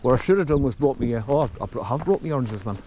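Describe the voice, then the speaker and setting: Chatty and rambling, a man talks to his viewers while filming a walk down a rural forest trail. He sounds warm and expressive, with a mid-range pitch and quick delivery, plus slight background noise.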